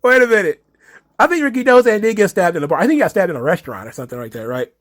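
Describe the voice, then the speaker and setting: A man's voice: sits high, very animated, very fast. A young man with a slightly raised voice riffs on viewer comments about wrestling history. He is sarcastic and laughs often. He swears casually as he talks. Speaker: wrestling commentary channel host.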